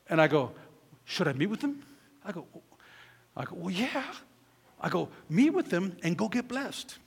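A gravelly, slightly high-voiced middle-aged man preaches from the pulpit, telling a story and voicing every person in it. He swings from booming peaks down to near-hushed asides. His voice rings with a long hall reverb. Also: sing-song, moderate pace, long pauses. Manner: storytelling, acts out quotes, swings from loud to hushed. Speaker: pastor.

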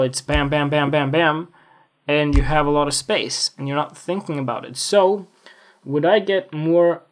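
Rambling man with a self-mocking, jokingly boastful streak. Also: a little high. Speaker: podcast host. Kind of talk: casual solo podcast monologue. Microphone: USB desktop microphone.

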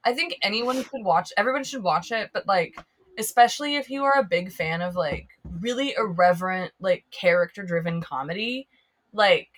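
A woman's voice: medium pitch, moderate pace, a bit bright. A woman from Minnesota, a guest on a film podcast, talking casually and giggling, with lots of "like" fillers. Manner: chatty, giggly, many "like" fillers. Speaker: podcast guest, staff writer.

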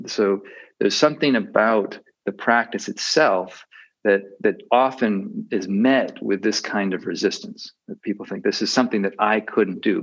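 Low-ish guy giving a meditation talk, lots of ums and restarts, thoughtful, sound kinda dull. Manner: reflective, hesitant with fillers and restarts. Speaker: meditation teacher. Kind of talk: dharma talk. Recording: dull muffled audio.

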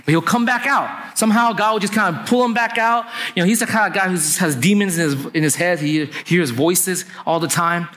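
A male pastor preaching in a loose, chatty way, telling a story and often asking his listeners "right?" to keep them with him. His voice sits a little higher than most men's. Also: fairly quick, few pauses, a bit bright. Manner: conversational, often asks "right?" to the congregation. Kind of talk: sermon storytelling.

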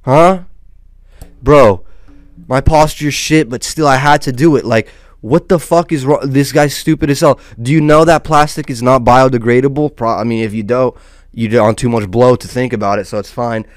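A man's voice: mid-range voice, normal speed, no echo, studio quality. Rambling, profane man giving loose commentary. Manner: rambling, loose, with frequent restarts and "dude". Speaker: host of a small online channel.

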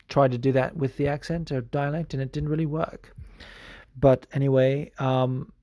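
A man's voice: medium pitch, dark tone, no echo, studio quality. A man hosting a podcast in casual chat, rambling with many fillers and swearing freely. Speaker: podcast host.

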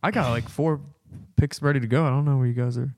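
A man co-hosting a casual podcast, throwing in wisecracks and quick asides. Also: medium pitch, steady tone, darkish tone. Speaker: podcast co-host. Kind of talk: casual sports podcast banter.

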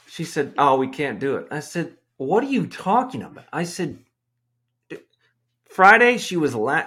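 A man on a casual podcast, telling a story in an animated, exasperated way and swearing freely. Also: lowish voice. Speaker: podcast host.

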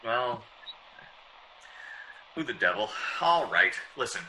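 A man's voice: medium pitch, big pitch swings, slow, pushed and bright, a little hiss or hum, full character voice, poor audio. An actor playing a flustered, stammering male mystery writer in an old-time radio drama.

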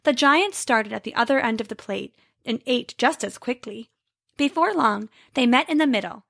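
A woman telling a storybook tale aloud with an expressive, lively reading. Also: on the high side, moderate pace, creaky, dry recording, clean studio sound.

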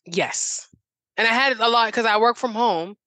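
A woman's voice: a little high, normal speed, sharp tone, no echo. A woman guest on a talk show, telling her story in an eager, rambling way full of "like"s and restarts. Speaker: interview guest. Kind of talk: casual interview chat.

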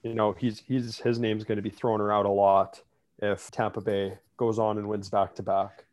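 A man's voice: fairly low pitch, moderate pace. Ranting man in casual sports talk. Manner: animated, ranting, lots of "like" fillers.

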